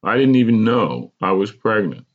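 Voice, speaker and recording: Male reader voices a pained, pleading mother, pitched well up from his own voice, on a dull lo-fi recording. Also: big pitch swings, normal speed. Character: pained, regretful mother recalling a hard youth.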